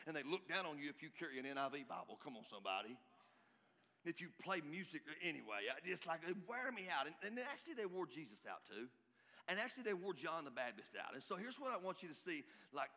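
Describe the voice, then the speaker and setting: Fiery preacher, bright, in a hall. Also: male voice, on the high side. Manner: emphatic, rising to shouts at peaks. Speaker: pastor. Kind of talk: sermon. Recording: reverberant hall.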